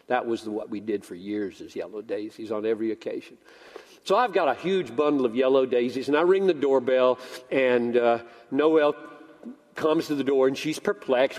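A man's voice: mid-range voice, moderate pace, a little mellow, in a large hall. An older man preaching a sermon as pastor, telling a story animatedly and acting out both sides of the dialogue. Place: church sanctuary.

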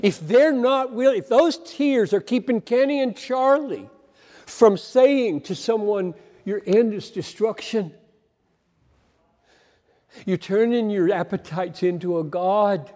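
A man preaching a sermon on a Bible passage, earnest and emphatic, with deliberate pauses between phrases. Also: high voice, darkish tone. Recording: long hall reverb.

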